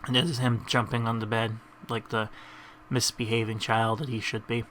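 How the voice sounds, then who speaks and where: A man's voice: mid-range voice, little pitch movement, normal speed, a bit bright, a little hiss or hum. A man giving rambling, casual commentary over a video game, chuckling between tangents. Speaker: gamer.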